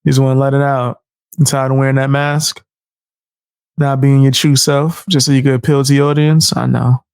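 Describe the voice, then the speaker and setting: Gravelly man mocking in commentary. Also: mid-range voice, flat delivery, moderate pace, darkish tone, no room sound. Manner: mocking, incredulous, slangy. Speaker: commentary host. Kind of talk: reaction commentary.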